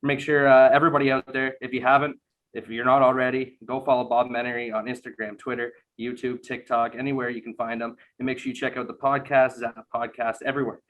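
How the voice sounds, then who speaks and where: A man's voice: mid-range voice, little pitch movement, fast talker, a bit bright, dull audio. Chill guy cohost, chatting then wrapping up the show. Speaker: podcast co-host. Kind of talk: casual interview.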